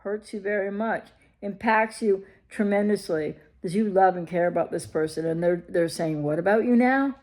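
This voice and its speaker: A woman's voice: medium pitch, normal speed, hardly any pauses, a little mellow. A woman recovery coach talking straight to her viewers, emphatic and full of rhetorical questions. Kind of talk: direct-to-camera advice talk.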